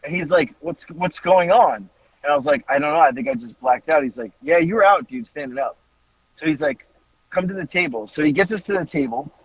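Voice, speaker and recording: A fairly high-voiced man tells a wild night-out story on a podcast, swearing and laughing as he goes. His voice is husky and swings widely in pitch. The recording is dry and slightly dull, like a lo-fi podcast mic. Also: fast, dry recording. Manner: animated, laughing, swearing freely. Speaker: podcast host. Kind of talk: casual storytelling.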